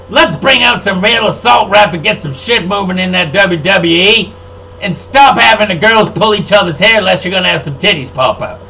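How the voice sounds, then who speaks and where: An older man delivers a profane, rambling monologue in a high, piercing voice. He runs a record label and talks like he's been mad for years, shouting some points and grumbling others under his breath. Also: slight background noise, rough recording. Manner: profane, rambling, swings between loud outbursts and low mutters. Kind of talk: angry ranting monologue.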